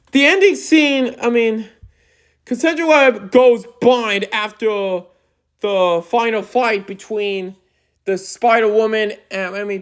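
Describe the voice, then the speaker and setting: Woman reviewer, high voice, slow angry rant with shouted outbursts and lots of restarts. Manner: angry ranting, bursts into shouting; repeats herself and restarts often. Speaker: movie reviewer.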